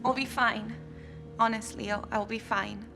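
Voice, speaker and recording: An actress with a Colombian Spanish accent playing a hesitant, pleading employee in a scripted drama. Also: female voice, on the high side, fairly even intonation, measured pace, gravelly, music in the background. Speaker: on-camera employee.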